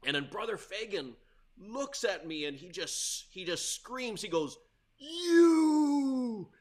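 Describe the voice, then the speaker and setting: A middle-aged man from Hawaii tells stories from his school days as a guest on an interview show. His voice sits a little high for a man and swings up and down with energy. He laughs often and grows loud when the story turns tense. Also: expressive, a little slow. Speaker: guest, tennis coach.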